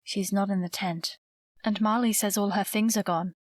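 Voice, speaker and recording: A woman's voice: medium pitch, steady tone, moderate pace, dry recording, lightly acted. A woman voicing a worried but firm woman in an audiobook, close to her own voice. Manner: firm and urgent.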